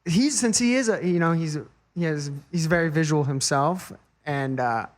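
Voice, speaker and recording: A man hosting a casual podcast interview, talking in a relaxed, halting way with frequent restarts. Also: a little high. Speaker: podcast host.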